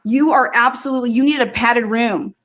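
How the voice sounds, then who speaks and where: Brash foul-mouthed woman streamer, higher voice. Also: brisk. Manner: loud, swearing, cackling often. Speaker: true crime streamer host. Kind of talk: profane casual livestream rant.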